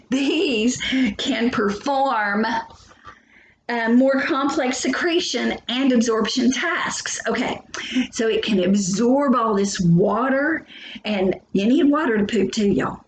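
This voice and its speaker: Slow, expressive, and a little high-pitched, a woman's voice carries a recorded biology lecture full of chatty jokes directed at her students. The recording echoes and carries a faint hum.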